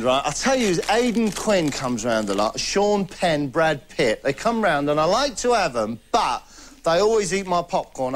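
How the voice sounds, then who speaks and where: Brief: man, higher pitch, rambling deadpan comic host, noisy background. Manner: chatty, deadpan boasting, laughing at own jokes. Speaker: comedy host.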